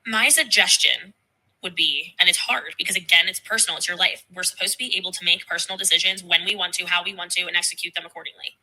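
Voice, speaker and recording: A woman's voice: on the low side, quick pace, sharp tone, poor audio. A woman cohosting a podcast, giving advice in an earnest way. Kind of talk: podcast conversation.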